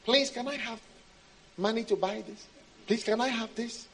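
A man's voice: extremely high pitch, normal speed, fairly bright tone, heavily acted. A man voicing a neglected wife who keeps begging her husband for favors, pleading over and over in a whiny way.

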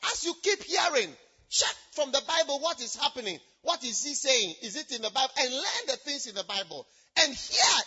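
A woman preacher delivering an emphatic sermon, repeating herself, swinging between loud shouted lines and hushed asides. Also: high voice, highs cut off.

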